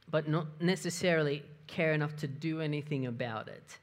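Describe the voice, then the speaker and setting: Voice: medium pitch, steady tone, brisk, few pauses. A pastor giving a conversational sermon, often asking the listeners questions. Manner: conversational, asks the audience questions.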